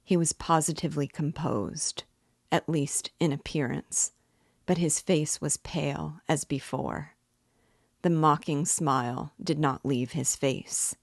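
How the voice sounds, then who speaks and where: A woman narrates a classic novel in a low, unhurried voice, each phrase measured and deliberate. The recording is close and dry, with no room sound. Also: steady tone, gravelly, breathy edge, dry recording. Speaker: reader and guide. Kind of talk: audiobook-style literary reading.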